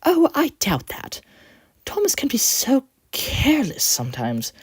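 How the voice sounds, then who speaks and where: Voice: high-pitched, wildly swooping pitch, measured pace, husky, dry recording, studio quality, pitched above the performer's own voice, heavily acted. A storyteller voicing a prim, offended female passenger coach who talks in a haughty, scornful way.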